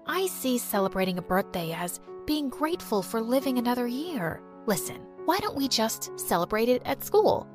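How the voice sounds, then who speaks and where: A woman voicing a gentle, loving mother in a narrated story podcast. She speaks softly and soothingly, with a lively lilt. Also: a little high, normal speed, few pauses, soft background music. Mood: tender. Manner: soft, soothing.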